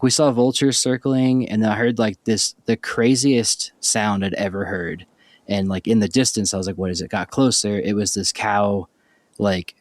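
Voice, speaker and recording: A man's voice: lowish voice, no room sound. A man hosting a podcast, telling a story in an offhand, loose way with casual swearing. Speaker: podcast host. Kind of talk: casual chat.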